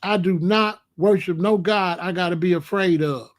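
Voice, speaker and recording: A man's voice: high voice, normal speed. A man in his sixties talking casually on a livestream, answering chat in a blunt, emphatic way and often repeating himself. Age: 60s. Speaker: host.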